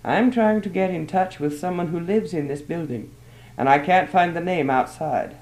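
A proud, dignified woman in her thirties who speaks politely but hesitantly, as a man reading a story voices her. The voice sits a little high and has a gravelly edge. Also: normal speed, a little mellow, natural voice, rough recording.

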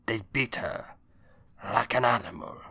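A grieving older undertaker pleads for justice in a hushed, held-back voice, as a man reading a storybook puts him on. His tone stays bright and clear even at low volume. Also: measured pace, no echo, exaggerated voice.

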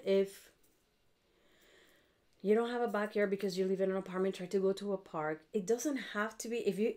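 A woman's voice: medium pitch, a little mellow. A middle-aged woman, talking viewers through a spell in a blunt, chatty way, swearing freely and often checking in with them. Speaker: witchcraft video host. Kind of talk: casual spell tutorial.

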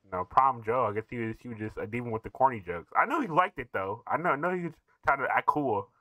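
A man hosting a reaction video, tossing out profane, laughing commentary in a bright voice. His pitch jumps around a lot as he gets excited. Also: fast, dry recording.

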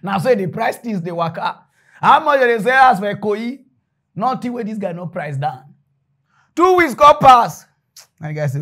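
A man with a Nigerian accent telling a comic story in Pidgin, jumping between loud bursts and hushed asides. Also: high voice. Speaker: comedian storyteller.

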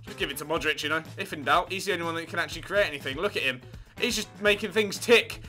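A man giving excitable live gameplay commentary, yelping at near misses and swearing. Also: a little high, fast, faint music behind. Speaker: gaming channel host.

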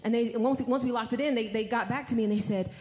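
A woman preaching a sermon, telling a story in a folksy way that swings from hushed tones to shouts. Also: a little high, quick pace, roomy sound, a little hiss or hum.

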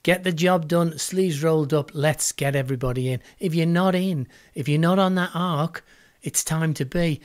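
A man with a slightly raised pitch hosts casual religious commentary. He speaks plainly and drives his points home by repeating them several times. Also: moderate pace. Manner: emphatic repetition of phrases. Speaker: host.

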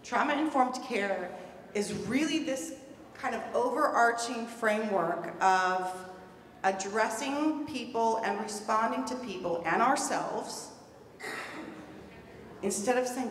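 This woman's voice is a little high, with lively intonation and an unhurried pace. She's presenting an earnest, emphatic talk at a conference, repeating and stressing key words, recorded at a distance from the mic in an echoey hall with a faint hum.

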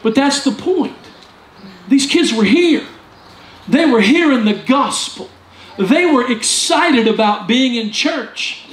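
A man pastor preaching a sermon, animated and jokey, with sudden loud outbursts. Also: extremely high pitch, takes it slowly, a little hiss or hum. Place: church sanctuary. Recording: echoey church room with faint ambience.

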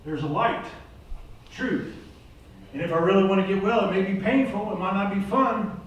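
A man's voice: sits high, normal speed, lo-fi sound. An older man preaching a sermon to a recovery program group, earnest and plain-spoken, rising to urgent exhortation. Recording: echoey room, voice from far off mic.

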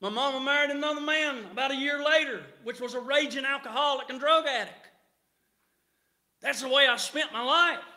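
A middle-aged man preaching a revival sermon in a church, rising to shouts and punctuating his points with amen. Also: very high-pitched, normal speed.

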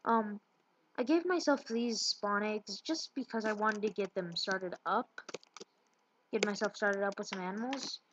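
A woman's voice: medium pitch, measured pace. A woman giving casual gameplay commentary, rambling and tripping over her words. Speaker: let's play gamer. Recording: muffled lo-fi with loud hiss.

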